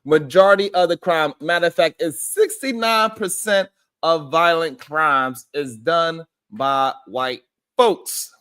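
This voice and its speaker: A man's voice: on the high side, slow, pushed and bright, clean tone. Man hosting a casual live stream. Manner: greets chat viewers by name and argues his point loosely; conversational, repeats himself as he rambles.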